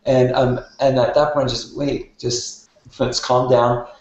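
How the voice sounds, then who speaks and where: A man's voice: mid-range voice, little pitch movement, takes it slowly, darkish tone. A man on a discussion panel reflecting on teaching his young son, speaking in a thoughtful, anecdotal way. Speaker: parent panelist. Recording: very echoey, dull room sound.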